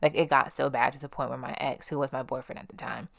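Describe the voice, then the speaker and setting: A woman's voice: rumbling low, fairly even intonation, fast, vocal fry, no room sound, clean studio sound. A young woman hosting a podcast, telling candid personal stories in a blunt, casual way and swearing freely. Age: young adult. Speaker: podcast host.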